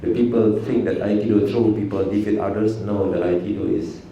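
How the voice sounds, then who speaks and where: A man's voice: lowish voice, fairly quick, lo-fi sound. A man, an aikido teacher telling stories to an audience in simple, broken with a chuckle. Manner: lively storytelling in simple broken English, chuckling. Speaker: aikido teacher giving a talk. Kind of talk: storytelling talk to an audience. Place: cafe venue. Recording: very echoey room, distant mic, faint noise.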